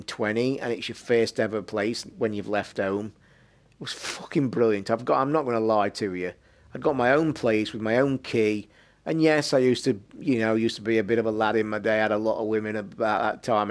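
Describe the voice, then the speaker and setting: A man in his forties spins a long tale from his younger days on a podcast. His voice sits at an ordinary middle pitch, and he talks casually and animatedly, swearing freely as he goes. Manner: sweary, animated anecdote-telling. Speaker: podcast host. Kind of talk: casual storytelling.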